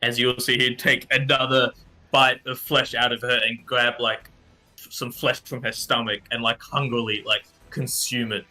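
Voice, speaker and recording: A man's voice: medium pitch, level tone, moderate pace, bright, forceful tone, faint music behind. A man running a tabletop game as game master, narrating the action in a loose, conversational way with many fillers.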